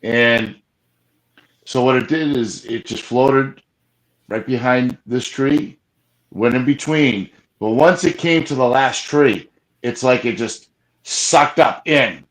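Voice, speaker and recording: A man excitedly retelling an encounter in casual live chat, rambling with frequent restarts and fillers. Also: medium pitch, slow, rough recording. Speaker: Bigfoot field investigator guest. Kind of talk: casual storytelling on a live show.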